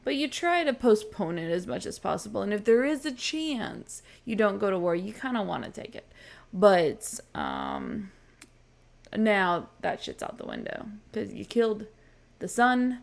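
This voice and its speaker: A woman's voice: medium pitch, very animated, a little slow, vocal fry. A woman hosting a reaction channel, casually recapping a TV episode with lots of ums and likes, chatty and gushing.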